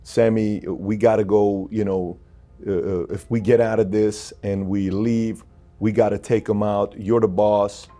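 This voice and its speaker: A man's voice: lowish voice, little pitch movement, unhurried, dark tone, faint music behind. A man hosting an interview, asking long, probing questions.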